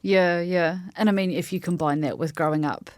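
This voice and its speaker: Soft-spoken New woman host, lowish voice. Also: fairly even intonation, normal speed, no room sound, clean studio sound. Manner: quiet, mostly short backchannels and gentle questions. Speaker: podcast host. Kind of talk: casual interview.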